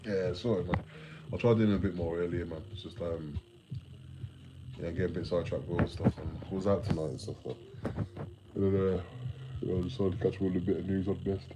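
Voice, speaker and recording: A man's voice: low voice, steady tone, fairly quick, long pauses, noisy background. A man chatting on a late-night livestream, sleepy and yawning, rambling in laid-back slang and swearing freely.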